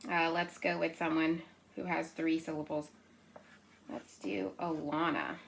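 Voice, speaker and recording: A young woman teaching a remote circle-time lesson to small children, gentle and encouraging, often checking in with "right?" and slowly counting and clapping out syllables. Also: low voice, flat delivery, creaky, a little hiss or hum. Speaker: preschool teacher.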